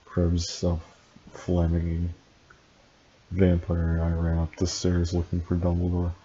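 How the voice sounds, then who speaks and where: A man reads a story aloud for laughs in a deep, deadpan drone and drops sarcastic asides between lines. His voice is dark and low with hardly any rise or fall. The recording is a little dull, with a faint hiss underneath. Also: takes it slowly. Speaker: channel host reading fan fiction aloud. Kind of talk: comedic dramatic reading with commentary.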